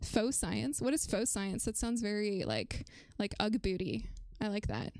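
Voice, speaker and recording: A woman's voice: medium pitch, sing-song, a little slow, a little mellow, dry recording. A young woman streaming from a room at home, chatting in a bubbly, giggly way with her viewers. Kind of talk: casual live-stream chat.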